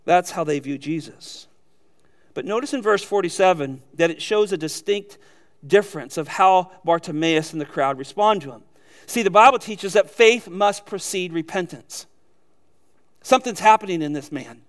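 A man's voice: sits high, expressive, normal speed. A man preaching a sermon with fervent emphasis, often repeating his phrases for force. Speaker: pastor.

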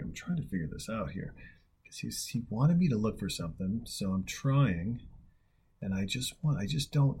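A man from Montana gives loose, profane reaction commentary on a film. His low voice has a dark, mellow tone and a husky edge, and he often trails off and restarts. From Montana, USA. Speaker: video host reacting to a film.

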